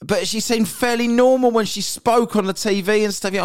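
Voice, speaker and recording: A man's voice: sits high, a little fast, hardly any pauses, clean tone. A man hosting a podcast, ranting crudely and sarcastically in casual chat. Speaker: podcast host.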